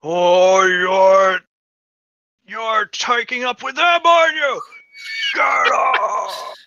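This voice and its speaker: A man doing a booming furious voice from the trees. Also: drawn-out words, no echo, highs cut off, exaggerated voice. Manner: shouting, furious. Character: booming angry male voice from the trees.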